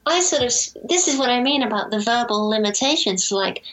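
A woman's voice: fairly high pitch, lively intonation, a little fast, fairly bright tone, poor audio. A woman from Europe, an author in casual conversation, talking hesitantly with many restarts as she thinks aloud. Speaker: author being interviewed.

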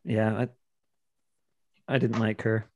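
A man's voice: lowish voice, a little hiss or hum. Teasing man hosting a podcast. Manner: lively, teasing, quick to laugh. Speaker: podcast host. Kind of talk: casual chat.

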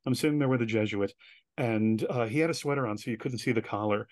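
A man as an interview guest, telling animated stories and acting out the voices of people he quotes. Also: mid-range voice, quick pace, no echo. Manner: animated storyteller who acts out quoted voices. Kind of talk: casual storytelling interview.

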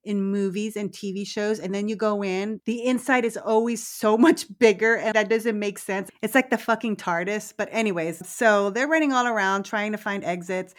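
A woman on a podcast runs through a movie's plot in loose, casual talk. She is lively and profane, drops curses without a pause, and laughs at her own asides. Her voice sits at a middling pitch for a woman. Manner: animated, swears freely, laughs easily. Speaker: podcast co-host.

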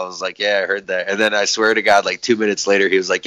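Young male podcast co-host, easygoing, crude, bright tone. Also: on the low side, fast, hardly any pauses, no echo. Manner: laid-back, swears, laughs a lot. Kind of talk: casual chat.

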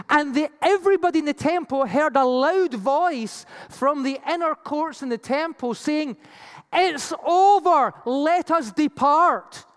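A preacher giving an animated Bible teaching sermon with slides, acting out the voices it quotes. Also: high voice. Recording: long reverb of a large hall.

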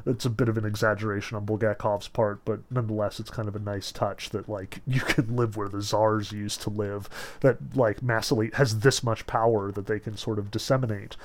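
This male lecturer's voice sits fairly low with little pitch variation, and he talks slightly fast. Chatty and informal, he discusses literature, repeats "notice" and "like" often, and reads from a novel.

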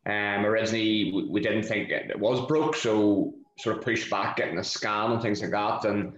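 A man, a football player answering interview questions in a halting, casual way. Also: fairly low pitch, a bit bright. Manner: halting, repeats words as he talks. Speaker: footballer guest. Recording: roomy, dull lo-fi recording.

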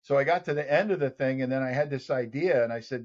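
A man telling a lively story as a podcast guest, acting out other people's voices. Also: mid-range voice, a little fast, hardly any pauses. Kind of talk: storytelling in an interview. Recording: dull lo-fi sound.

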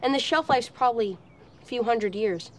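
A woman's voice: a little high, lively intonation, normal speed. A woman delivering a cynical, preachy rant in a scripted TV drama scene. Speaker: teen character in a TV drama clip.

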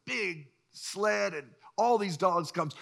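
A middle-aged man preaching a sermon, telling stories with lively acted-out voices and frequent chuckles. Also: on the high side. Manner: animated storyteller, acts out voices, chuckles often. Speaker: pastor.

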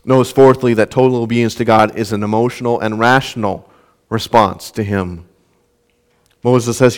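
Earnest young male preacher, smooth voice. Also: lowish voice, steady tone, normal speed. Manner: earnest, repeats words when restarting. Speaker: pastor. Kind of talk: sermon.

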